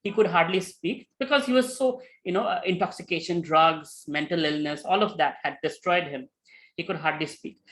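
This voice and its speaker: A man giving a spiritual talk, telling a story with lively retellings and many fillers. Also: on the high side, normal speed, poor audio. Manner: animated, with many fillers and acted quotes. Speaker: spiritual teacher.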